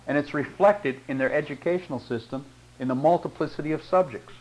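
A man's voice: fairly high pitch, fairly quick, dull audio. A middle-aged man preaching a sermon, reading long quotations aloud and commenting on them with rhetorical tag questions.

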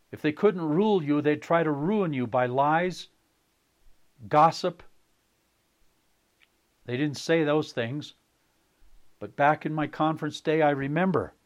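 An older man preaching a sermon, reading quoted passages aloud and commenting on them with slow, emphatic repetition. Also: a little high. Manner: slow emphatic delivery, repeating phrases.

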